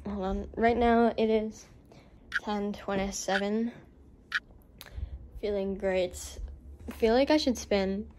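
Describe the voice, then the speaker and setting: A woman's voice: medium pitch, steady tone, takes it slowly, pauses often. A young woman vlogging in a casual, giggly, rambling way, full of fillers, filmed on a handheld camera at home and out on a night walk. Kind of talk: casual vlog chat.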